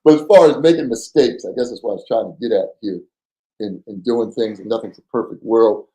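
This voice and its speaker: A man's voice: lowish voice, brisk, low-quality recording. A man telling a story as a guest in a podcast interview, in casual slang. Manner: animated storyteller, acts out voices, casual slang. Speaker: former undercover agent, guest.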